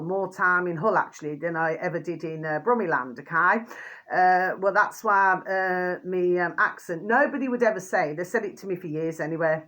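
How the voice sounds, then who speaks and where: A middle-aged woman from Birmingham, England, rambles casually to camera as a vlogger, repeating her pet phrases. She has a Birmingham accent with a hint of Yorkshire, and her voice is on the low side and a bit bright.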